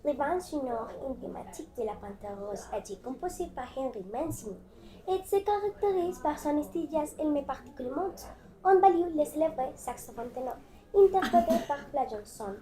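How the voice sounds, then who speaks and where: Shy young girl reciting, soft mellow voice. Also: high voice, lively intonation, fast talker. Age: child. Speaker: student presenter. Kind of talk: recited school presentation.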